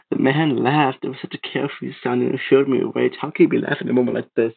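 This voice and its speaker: A man reading a creepypasta aloud, steady but stumbling and restarting now and then. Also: medium pitch, quick pace, creaky, hardly any pauses. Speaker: narrator. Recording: tinny phone-like sound.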